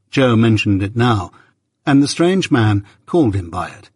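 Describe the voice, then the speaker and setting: A man narrating a novel as an audiobook reader, measured and literary. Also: lowish voice, very animated, a little mellow, husky, dry recording, studio quality. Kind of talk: scripted narration.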